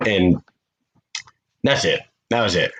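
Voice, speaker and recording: A man hosting a podcast, chatting casually and telling a profane, animated story. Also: low-pitched, takes it slowly, highs cut off, slight background noise. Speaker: podcast host.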